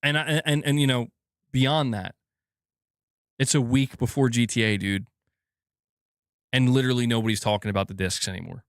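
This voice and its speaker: A man's voice: medium pitch, steady tone, normal speed, pauses often, no room sound, clean studio sound. A young man hosting a gaming channel, ranting with exasperation, swearing often and restarting his sentences. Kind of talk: heated solo rant.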